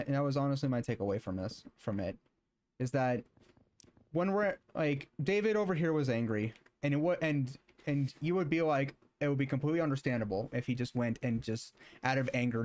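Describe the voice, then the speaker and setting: Warm smooth-voiced man reading haltingly. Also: mid-range voice, expressive. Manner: hesitant, with frequent filler sounds and restarts. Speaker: streamer. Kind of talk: casual talk and halting Bible reading aloud.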